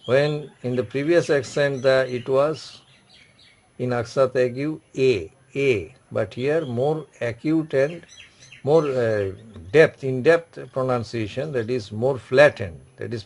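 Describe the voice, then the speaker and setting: Male language teacher, patient and repetitive, mid-pitched voice. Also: darkish tone. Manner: repetitive, instructive, frequent "okay" and "say". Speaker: French teacher. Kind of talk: classroom language lesson.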